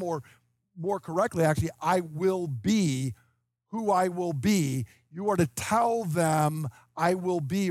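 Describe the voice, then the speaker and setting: A man's voice: high-pitched, dry recording, studio quality. A man in his fifties preaching an expository sermon, explaining scripture emphatically and checking in with the listeners. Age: 50s.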